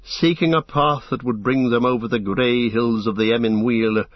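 A man reading a storybook aloud as narrator, in a steady, measured way. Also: medium pitch, no room sound. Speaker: audiobook narrator. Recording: dull lo-fi dry recording.

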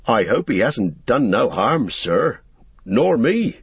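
A loyal, humble hobbit servant speaks up in a husky, raised voice, deferential and rustic, as a male audiobook reader puts him on. The storybook reading is dull and dry. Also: mid-range voice, sing-song, slow pace, no echo, voice pushed up, full character voice. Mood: earnest. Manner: deferential, rustic speech with frequent "sir". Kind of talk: audiobook character voice.

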